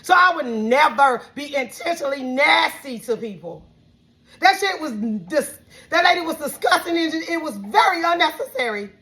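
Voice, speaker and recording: A woman with a Southern accent, high-pitched and bright, rants in an outspoken, heated way with a lot of cursing. Her voice swings between shouting and near tears as she vents to the camera. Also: very animated, normal speed. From Alabama. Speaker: vlogger. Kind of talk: emotional venting rant.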